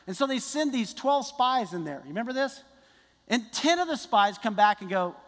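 A man preaching a sermon in a conversational, animated way, often restarting his sentences. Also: very high-pitched, moderate pace. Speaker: pastor. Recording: long reverb of a large hall.

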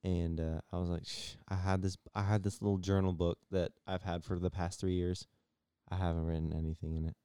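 A man's voice: low voice, level tone, brisk, dark tone, smooth, dry recording, clean studio sound. A young man co-hosting a casual podcast, laid-back and saying "bro" and "dude" a lot. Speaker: podcast co-host. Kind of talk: casual chat.

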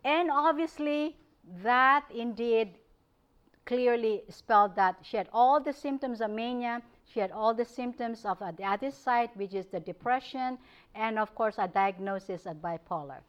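A woman giving a public lecture, telling stories from her practice in an animated way, often breaking into laughter. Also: fairly high pitch, moderate pace, clear, resonant tone, lo-fi sound. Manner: animated storytelling, frequent laughter. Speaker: guest speaker. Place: lecture hall.

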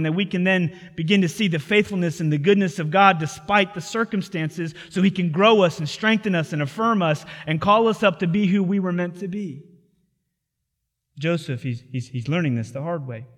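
A man preaching a sermon as pastor, animated, acting out biblical dialogue and swinging from loud passages to hushed ones. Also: sits high, in a large hall.

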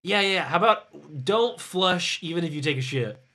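A man throwing out deadpan, absurd lines in a comedy improv. His voice is bright and a touch high, with a sharp edge. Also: normal speed. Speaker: podcast co-host.

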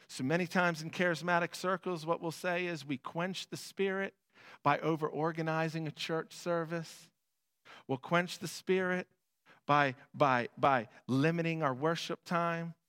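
Male pastor, slightly high voice, emphatic chapel sermon, loud peaks and hushed drops. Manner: emphatic preaching, swings from loud to soft. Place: chapel before students.

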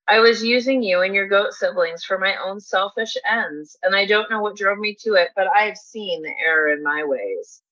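A woman's voice: medium pitch, normal speed, hardly any pauses, a bit bright, natural voice. A woman voicing a hungry male bridge troll who blusters, then grovels with guilt, in a storybook reading. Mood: pleading. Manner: growling threats, then pleading. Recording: dull lo-fi recording.

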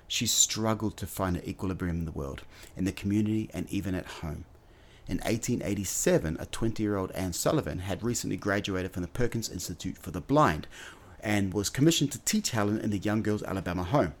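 A man's voice: sits low, brisk. A man hosting an educational podcast, telling a story in an earnest way with the odd filler word. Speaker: podcast host.

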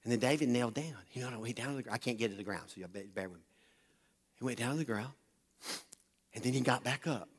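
A man preaching a sermon, retelling a Bible story with animated energy and calling on the congregation to listen up. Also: mid-range voice, fast, pauses often, breathy edge. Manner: animated, talks directly to the congregation. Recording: long hall reverb.

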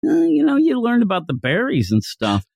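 A man co-hosting a casual chat about a story he is reviewing. He is animated and acts out the scenes in funny voices. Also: very high voice, brisk, gravelly, dry recording, studio quality. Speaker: podcast co-host.

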